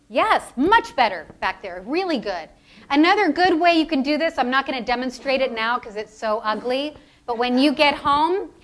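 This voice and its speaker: A woman teaching public speaking to a live audience, leading breathing exercises in an encouraging, playful coaching manner. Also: sits high. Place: lecture hall with audience.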